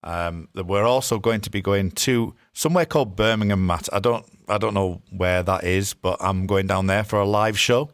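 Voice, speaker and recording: A man with a very low voice wraps up a podcast episode in an easy, meandering way. He stops and restarts often and leans on fillers. His voice sounds dry and close. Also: moderate pace, hardly any pauses, no echo. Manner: rambling, with many fillers and restarts. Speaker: podcast co-host. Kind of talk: casual podcast chat and sign-off.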